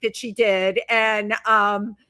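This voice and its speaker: A woman's voice: mid-range voice, level tone, slow pace, bright, forceful tone, smooth, dry recording. A woman co-hosting a talk show, telling a travel story in a chatty, laughing way. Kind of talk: casual chat.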